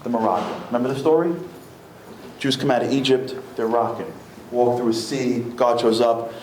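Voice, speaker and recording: A man giving a comic, fast-moving religious lecture, acting out the voices of the people in his stories. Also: medium pitch, steady tone, darkish tone. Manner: comic, acts out quoted voices, rapid storytelling. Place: packed synagogue hall. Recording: echoey hall with faint room noise.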